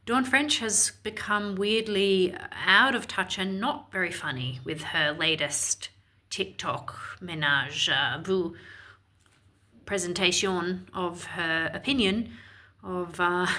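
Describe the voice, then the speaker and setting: A woman's voice: lowish voice, slow, sharp tone. A woman from Ireland giving opinionated, sarcastic and indignant commentary in a vlog. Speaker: commentary vlogger.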